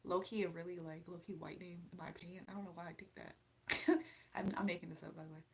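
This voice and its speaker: A woman's voice: lowish voice, little pitch movement, quick pace, creaky. A young adult woman hosting a casual livestream, reading viewer comments and chatting in a rambling, laughing way. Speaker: livestream host.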